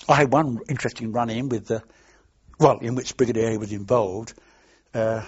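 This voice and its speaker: A man's voice: mid-range voice, fairly even intonation, fairly quick, husky. An older man, a war veteran, telling anecdotes in an oral history interview, rambling and restarting as he goes. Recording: dull lo-fi archive tape.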